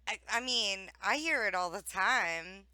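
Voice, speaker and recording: A woman with a faint Southern accent chats on a stream, animated and quick to laugh. Her voice is bright and crisp, sitting a little high, and the sound is dry and close. She swears freely. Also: no echo, poor audio. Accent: Southern US, mild. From Ohio. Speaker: streamer guest. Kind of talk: casual chat.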